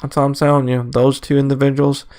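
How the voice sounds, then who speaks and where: A man's voice: mid-range voice, flat delivery, darkish tone. Blunt young man trash-talking. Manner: blunt, mocking, quick to agree. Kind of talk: casual chat.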